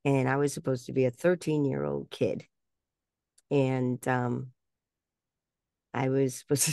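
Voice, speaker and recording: Older woman with a gravelly voice, telling animated stories. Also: extremely low pitch, measured pace, pauses often, no room sound, studio quality. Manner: animated storyteller, mimics voices, laughs often. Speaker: guest speaker and voice actress. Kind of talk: storytelling in a casual interview.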